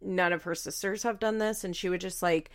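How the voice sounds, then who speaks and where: A woman's voice: on the low side, steady tone, brisk. A young adult woman hosting a podcast, chatting casually with lots of fillers and the odd swear. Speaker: podcast host. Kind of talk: casual chat.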